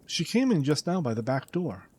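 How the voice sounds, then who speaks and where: A man's voice: on the high side, very animated, moderate pace, darkish tone, husky. A man voicing an anxious young woman asking her father about the maid. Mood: worried.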